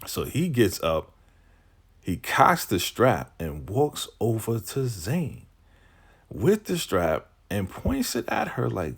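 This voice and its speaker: A man giving a casual, animated recap of a TV episode, talking slangy and laughing as he retells the scenes. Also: on the low side, slow, vocal fry, husky. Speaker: TV recap vlogger.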